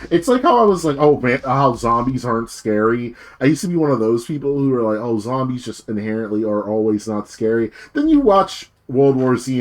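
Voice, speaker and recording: A man streaming as a VTuber, rambling in a casual rant full of fillers and swearing. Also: medium pitch.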